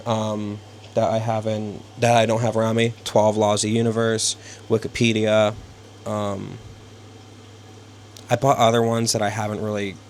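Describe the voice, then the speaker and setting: A young man vlogging casually from his bedroom, rambling and halting with many fillers. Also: on the low side, slight background noise. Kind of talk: casual self-interview. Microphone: small handheld camera.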